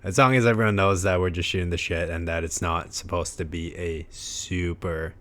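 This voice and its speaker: A young man with a deep, very low voice chats casually as a podcast co-host. He is easygoing and self-deprecating, recorded in a small living room. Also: steady tone, moderate pace, fairly bright tone, slight background noise. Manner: laid-back, self-deprecating. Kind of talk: casual chat.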